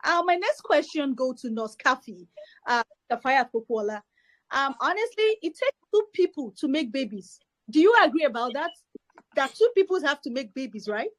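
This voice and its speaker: A woman's voice: sits high, animated, normal speed, no room sound, low-quality recording. A woman moderating a panel discussion, giving brief affirmations and asking probing questions.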